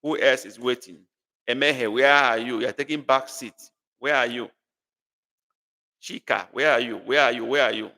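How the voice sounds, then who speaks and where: A man's voice: mid-range voice, normal speed, pauses often, pushed and bright, in a large hall. A man with a Nigerian accent teaching a live online language class, calling on students by name and teasing them as he repeats phrases. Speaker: language tutor.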